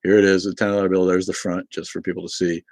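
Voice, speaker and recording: A man's voice: low voice, level tone, quick pace, darkish tone, dry recording. A man from Boston hosting a casual livestream, rambling, swearing freely and answering chat comments. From Boston, New England. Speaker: livestream host.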